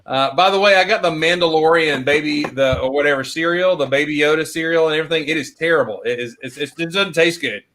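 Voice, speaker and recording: A man's voice: on the high side, quick pace, hardly any pauses, pushed and bright. A man hosting a casual video chat who rambles through stories and laughs often. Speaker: host.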